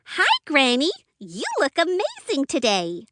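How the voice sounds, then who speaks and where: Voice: sits high, wildly swooping pitch, measured pace, a bit bright, dry recording, studio quality, full character voice. A performer voicing a cheerful little girl in a red hood in a puppet show, sweet and sing-song.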